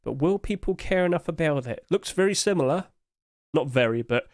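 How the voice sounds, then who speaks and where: A man's voice: medium pitch, brisk, creaky, a little mellow, no room sound, clean studio sound. A man hosting casual commentary, chatty and hedging, with apologetic asides, recorded at home on a desk mic. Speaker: host.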